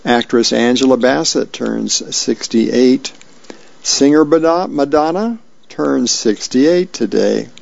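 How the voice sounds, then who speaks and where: A man reading the comics and birthday list aloud for a reading service, folksy and unhurried with small slips and asides. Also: medium pitch, creaky, a little mellow. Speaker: volunteer newspaper reader. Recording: dull lo-fi radio recording.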